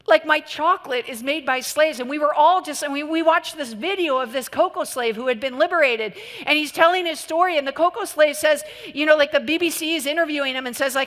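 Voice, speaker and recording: A woman's voice: high voice, quick pace, hardly any pauses. Woman preaching in a ringing hall. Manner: animated storytelling with laughter. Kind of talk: sermon. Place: church hall. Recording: long reverb of a large hall.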